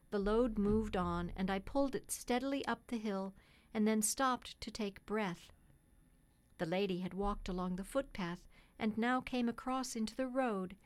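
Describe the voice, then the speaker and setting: A woman calmly narrating a classic storybook in the first person, in a measured way. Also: mid-range voice. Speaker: audiobook reader.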